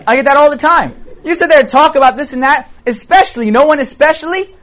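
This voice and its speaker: A man's voice: extremely high pitch, expressive, fast, few pauses, highs cut off. A man who is a priest, giving a conversational sermon in an informal way and often checking in with his listeners. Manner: talks in an informal way, checks in with the listeners using "okay" and "all right".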